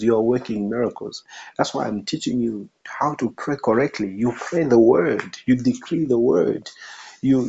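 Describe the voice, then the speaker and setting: A man's voice: mid-range voice, creaky, darkish tone, breathy edge, dull audio. A man preaching a sermon, emphatic, repeating his phrases for effect.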